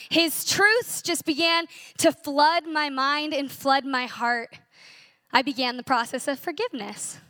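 A woman's voice: high voice, bright, forceful tone, no room sound, studio quality. A young woman in her twenties sharing an earnest, emotional personal testimony at a church conference, telling her story with animation.

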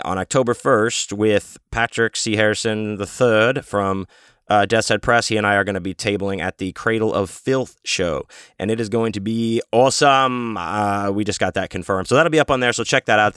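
A man's voice: lowish voice, fairly bright tone, smooth, no echo, clean studio sound. A man hosting his own show, telling a rambling story in a casual, profane, self-interrupting way. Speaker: podcast host and author.

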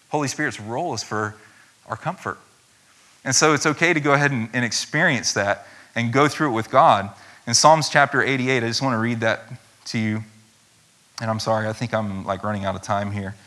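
A man's voice: mid-range voice, pushed and bright. A man preaching an earnest, conversational sermon and reading scripture aloud, with frequent fillers and restarts.

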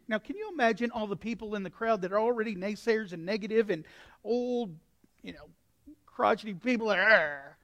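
A male pastor preaching a sermon with a folksy, anecdotal manner, swinging from quiet asides to sudden shouts. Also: high-pitched, normal speed. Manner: impassioned, breaks into sudden shouts.

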